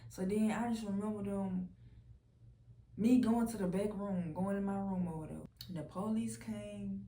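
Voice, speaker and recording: A young woman recounts her own testimony in a loose, unpolished way, swearing openly and leaning on "like" as she goes. Her voice sits at an ordinary pitch. The room around her carries a noticeable echo. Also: steady tone, normal speed, mellow, slight background noise. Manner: candid, profane, lots of "like" fillers. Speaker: vlogger sharing a personal testimony. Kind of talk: casual storytelling testimony. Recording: roomy echo.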